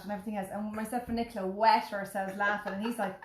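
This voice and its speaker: A woman telling stories in a casual chat, animated and quick to swear. Her voice sits at a middle pitch. The room around her rings with echo. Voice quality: animated storyteller, swears freely. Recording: echoey room.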